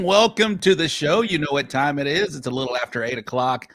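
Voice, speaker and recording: A man hosting a live online show, energetic and reading out viewer shout-outs. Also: a little high, brisk. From Texas. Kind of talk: live-stream chat.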